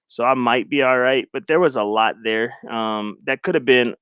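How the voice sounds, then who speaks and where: A man's voice: mid-range voice, moderate pace, a bit bright, smooth, no echo. A man hosting a live stream in casual chat, rambling and self-mocking, often repeating his phrases. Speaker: livestream host.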